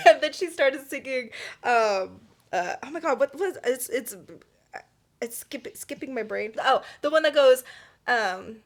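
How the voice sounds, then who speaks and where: A woman's voice: high voice, animated, measured pace. A woman co-hosting a podcast, telling stories in casual chat with frequent giggles and casual swearing. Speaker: podcast co-host.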